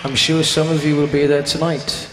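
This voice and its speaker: A man, a rock singer, telling a rambling, swear-filled story to a concert crowd between songs, sometimes shouting out to the audience, on a stage microphone. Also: fairly high pitch, level tone, normal speed, heavy background noise. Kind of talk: onstage anecdote between songs. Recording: live concert audio with music behind.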